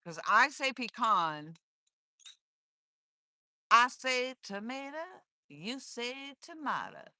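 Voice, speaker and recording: A woman's voice: a little high, lively intonation, very slow, pushed and bright, no echo. A woman hosting a casual live stream from a lake dock, chatting and reading viewer comments aloud with playful wordplay. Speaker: livestream host.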